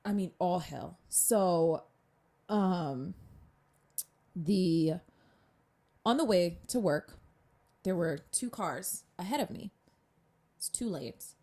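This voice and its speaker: A woman hosting a podcast, telling a personal story in a chatty, animated way and calling her listeners y'all. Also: fairly low pitch, slow pace, long pauses. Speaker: podcast host.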